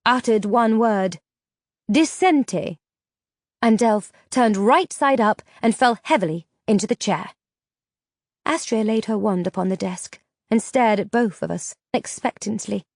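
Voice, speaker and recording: A woman narrating a fantasy novel in the first person with steady storytelling. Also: medium pitch, measured pace, creaky, dry recording, studio quality. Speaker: audiobook narrator.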